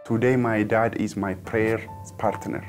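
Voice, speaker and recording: A man's voice: on the low side, fairly even intonation, unhurried, soft background music. A man telling his personal testimony in an earnest way, linking his sentences with "and then". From Ethiopia. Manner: earnest, strings clauses with "and then". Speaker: testimony speaker.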